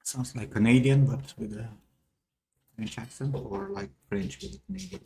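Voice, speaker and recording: A man's voice: medium pitch, animated, moderate pace, creaky, a little mellow, slight background noise. A man bantering on a stream, teasing dryly in casual chat.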